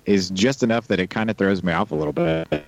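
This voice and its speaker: Man, podcast co-host, casual chat, reads emails aloud, low voice, relaxed. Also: fast talker, vocal fry, no room sound, low-quality recording.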